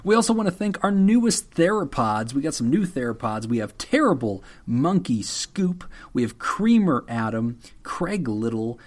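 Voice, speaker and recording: A man co-hosting a casual podcast, joking with deadpan mock apologies and laughing often. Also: mid-range voice, moderate pace, few pauses. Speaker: podcast co-host. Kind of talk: casual chat.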